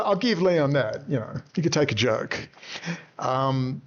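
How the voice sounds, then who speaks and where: A man's voice: medium pitch, expressive, measured pace, muffled recording. An Australian man in his fifties who rambles casually through stories, swearing freely and chuckling at his own anecdotes. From Western Australia. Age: 50s. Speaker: commentator. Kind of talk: rambling monologue.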